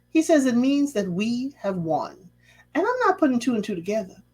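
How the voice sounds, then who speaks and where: Lively, sassy woman recapping a show. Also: on the high side, normal speed, breathy edge. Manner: sassy, chatty, drops asides and rhetorical questions; acts out quoted lines in a lively voice. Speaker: TV recap host. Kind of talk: casual reality-show recap.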